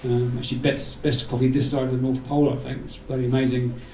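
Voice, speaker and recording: An event organiser thanks a gathering in an indoor community room, his speech informal and a little rambling with jokey asides. His mid-range voice is dark-toned, level and fast. Recorded from far off in a roomy hall, there's slight background noise.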